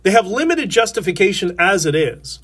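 A man's voice: high voice, sing-song, moderate pace, a bit bright, husky. A man hosting a livestream interview, conversational, backing up his guest with short agreements. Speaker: host.

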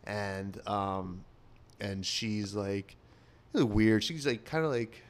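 A man's voice: fairly low pitch, fairly even intonation, slow pace. Rambling young man, podcast storyteller. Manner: rambling storyteller, lots of fillers and "like". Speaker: podcast co-host. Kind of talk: casual podcast chat.

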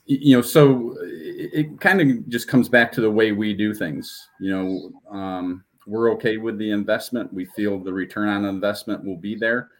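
A man's voice: lowish voice, fairly even intonation, moderate pace, few pauses. A company leader answering interview questions, a man who stammers and restarts his sentences.

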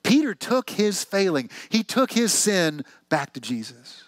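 Man, pastor preaching a sermon, slightly high voice, conversational storytelling, rhetorical questions, dry close sound. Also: very animated, unhurried, no room sound.

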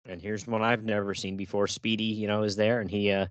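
A man with a fairly low voice, easygoing on a comics podcast, walking through panels with lots of "uh" between phrases. The sound is close and dry, with no room around it. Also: a little fast, clear, resonant tone, dry recording, dull audio. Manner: relaxed, retells scenes with hesitant fillers. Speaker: podcast co-host. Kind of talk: casual comic book discussion.

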